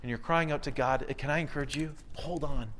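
A man preaching a sermon with a fairly high voice for a man. He talks to the congregation in a relaxed, conversational way but stays earnest, leaning on repeated words to drive a point home. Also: a little fast. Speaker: pastor.

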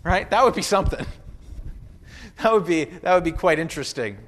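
A man preaching in a relaxed, conversational way, with casual asides and playful quoted voices. His voice sits a little higher than most men's. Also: fairly quick. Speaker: pastor. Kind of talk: sermon.

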